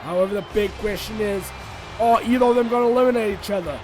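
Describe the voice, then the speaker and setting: A man giving excitable, shouty solo commentary over a wrestling video game, swinging between rants and mock outrage. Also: high voice, fast, slight background noise.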